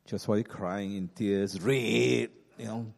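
A man preaching a sermon in an animated, conversational way, with many fillers, restarts and chuckling asides. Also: on the low side, measured pace, gravelly. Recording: echoey hall.

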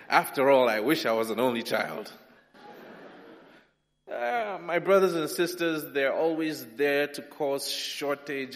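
A man from Nigeria, preaching a sermon with humour, swinging between loud and soft. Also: medium pitch. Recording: long hall reverb.

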